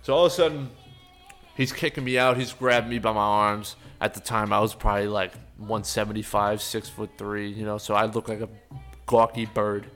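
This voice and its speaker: A man's voice: fairly low pitch, steady tone, brisk, fairly bright tone, faint music behind. A young man, telling a wild story on a podcast with lots of swearing and acted-out quotes. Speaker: podcast co-host. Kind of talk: casual storytelling chat.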